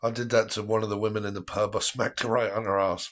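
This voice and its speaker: A man's voice: lowish voice, level tone, quick pace, a bit bright. A man hosting a live tarot stream in a casual, chatty way, often breaking into laughter.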